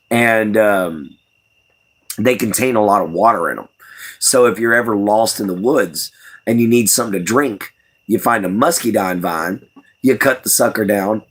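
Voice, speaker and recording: A man's voice: lowish voice, husky. Folksy Southern man chatting on a livestream. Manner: rambling, folksy, reads chat aloud, chuckles often. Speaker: livestream host. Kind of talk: casual livestream chat.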